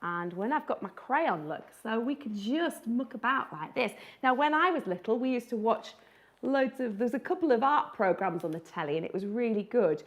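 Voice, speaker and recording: A woman's voice: fairly high pitch, animated, moderate pace. A woman who illustrates children's books, giving a chatty, playful live drawing tutorial and laughing often.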